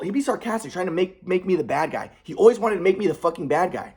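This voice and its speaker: Agitated young man ranting fast. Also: high voice, lively intonation, a little mellow. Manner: agitated, rambling, with swearing. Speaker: vlogger. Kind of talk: casual monologue.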